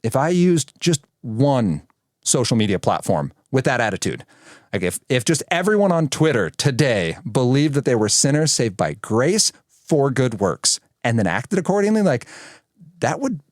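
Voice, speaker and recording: Thirtysomething guy telling stories on a podcast, lively, does little voices for quotes, mid pitch, dry sound. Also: normal speed, dry recording. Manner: animated, acts out quoted voices. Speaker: podcast guest. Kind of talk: conversational storytelling.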